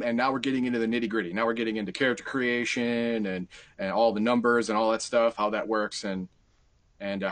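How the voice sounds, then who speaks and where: Wry, self-deprecating podcast co-host. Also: male voice, medium pitch, a bit bright, no echo. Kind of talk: casual podcast chat.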